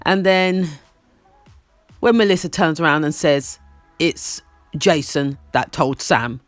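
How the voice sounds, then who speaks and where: A man's voice: fairly high pitch, slow pace, fairly bright tone, no room sound, soft background music. A man giving casual, opinionated commentary on a reality show episode, often repeating lines for emphasis.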